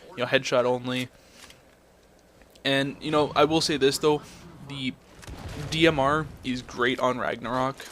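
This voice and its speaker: Young man, mid-pitched voice, blunt profane rant, casual game commentary, faint gunfire behind. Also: steady tone, unhurried, a bit bright, a little hiss or hum. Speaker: gameplay commentator.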